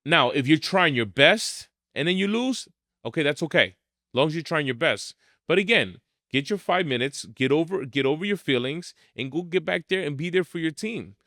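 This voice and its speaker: A man's voice: fairly high pitch, expressive, normal speed, bright, forceful tone, no echo, studio quality. A middle-aged man, a martial arts school owner telling blunt, emphatic stories in a podcast interview.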